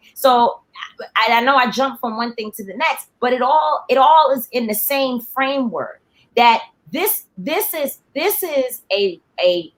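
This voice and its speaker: A woman in her forties speaks as a guest on a discussion panel. She talks slowly, in a fairly high voice, and keeps restarting her sentences as she searches earnestly for the right words. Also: a bit bright.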